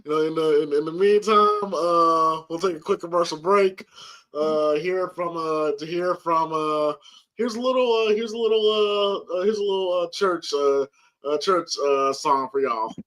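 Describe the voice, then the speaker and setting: A male host of a live movie stream who talks slowly and haltingly, padding his sentences with fillers and restarting often. His voice sits high for a man. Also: a bit bright. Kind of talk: casual live stream chat.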